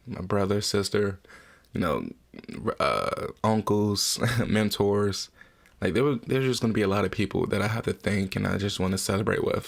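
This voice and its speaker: Gravelly low-voiced man telling a story. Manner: candid and emotional, swears freely. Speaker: podcast host. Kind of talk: casual personal storytelling.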